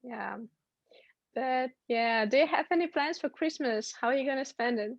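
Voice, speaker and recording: A woman's voice: sits high, normal speed, no room sound, dull audio. A young woman from Uzbekistan, chatting as a guest from home over a video call, upbeat and giggly with lots of fillers. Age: young adult. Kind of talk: casual video-call chat.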